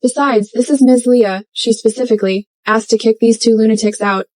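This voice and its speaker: An actress playing a rude, snobbish young shop clerk, contemptuous and fawning, in an English drama dub. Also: female voice, a little high, fairly even intonation, fairly quick, darkish tone, no echo, lightly acted.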